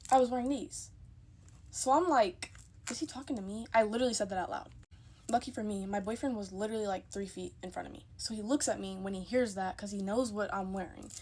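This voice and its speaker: A woman's voice: mid-range voice, fairly quick, mellow. A young woman telling a casual storytime into her phone, chatty and emphatic, acting out the people in her story.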